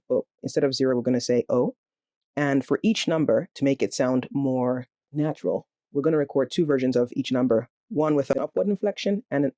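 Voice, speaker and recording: A man teaching a coding tutorial, calmly explaining each step of a screen recording. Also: mid-range voice, no room sound, studio quality. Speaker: programming tutor.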